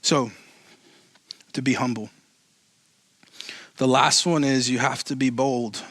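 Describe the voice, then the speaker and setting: Bright-voiced man preaching a casual sermon. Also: mid-range voice, steady tone, takes it slowly, no room sound. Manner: joking asides, rising to emphatic preaching. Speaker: pastor. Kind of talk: conversational sermon.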